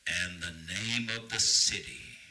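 A man delivers a sermon in a very low voice, drawing each phrase out with long, deliberate pauses. His tone is strikingly bright and forceful despite the depth. He sounds like a pastor addressing his congregation. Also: poor audio. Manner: slow, emphatic preaching with dramatic pauses.

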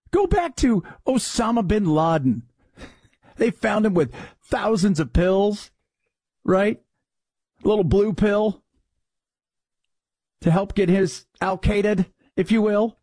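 A man's voice: high-pitched, darkish tone, breathy edge, no echo. A man hosting a commentary show, talking in a sarcastic, exasperated way. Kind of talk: opinionated commentary.

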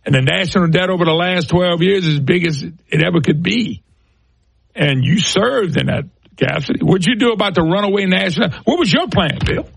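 Talk radio guy, gravelly husky voice, pitch bouncing all over, ranting about politicians. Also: brisk, dry recording. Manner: animated, scornful ranting with rhetorical questions. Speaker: radio talk show host.

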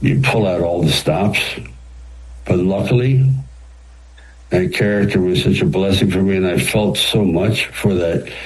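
A man with a very deep, low voice tells long stories from his film work. His manner is animated and rambling, full of restarts and asides, like a guest settled into an interview. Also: unhurried, low-quality recording. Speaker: actor and screenwriter guest. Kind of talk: storytelling in a radio interview.

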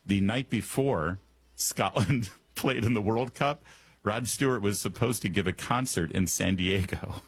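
Wry, husky-voiced male talk radio host. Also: fairly low pitch, unhurried, no echo. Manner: wry, joking, animated asides. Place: Washington, D.C. studio.

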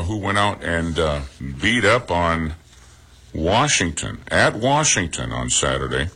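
Deep husky man giving sports news. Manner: plain, relaxed delivery with frequent pauses and "uh"s, offering personal opinions. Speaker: sports reporter. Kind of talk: local radio sports report.

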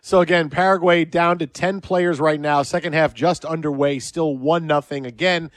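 A man hosting sports talk radio, telling stories in an animated, chatty way. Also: a little high, moderate pace, dry recording.

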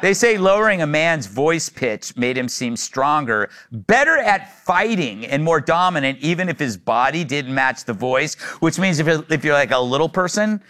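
A man hosting a talk show panel, cracking jokes and moving through questions in easy banter. His voice sits a bit high and swings widely in pitch as he talks. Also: sing-song, sharp tone. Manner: joking, quick to laugh.

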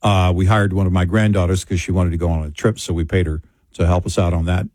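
Older male co-host, lowish voice, dry close sound, rambling casual chat, grandfather type. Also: level tone, quick pace, darkish tone, dry recording. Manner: rambling, self-correcting, chatty. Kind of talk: casual talk show chat.

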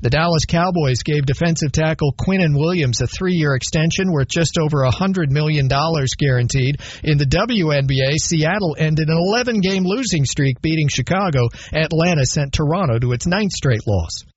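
A man reading a radio sports news update in a brisk, matter-of-fact way. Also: on the high side, breathy edge. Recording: dry, dull broadcast audio.

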